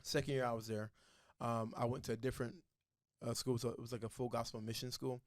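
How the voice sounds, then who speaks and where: A young man recounts his story with earnest, animated energy, jumping in and out of the voices of the people he describes. His voice sits in an ordinary middle register. It is recorded close and dry, with no room sound. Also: mid-range voice, quick pace, no echo. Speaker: podcast guest. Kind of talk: casual storytelling testimony.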